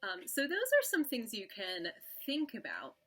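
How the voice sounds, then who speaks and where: A woman from the UK teaching a dance lesson, explaining in a relaxed, casual way with some filler words. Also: high-pitched, measured pace. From United Kingdom. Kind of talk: casual instructional talk.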